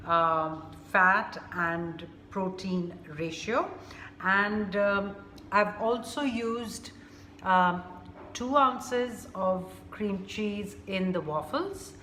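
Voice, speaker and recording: A woman hosting a casual food vlog, unhurried and thinking aloud with many fillers. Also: mid-range voice, bright, forceful tone, echoey room, slight background noise. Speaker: cooking vlogger.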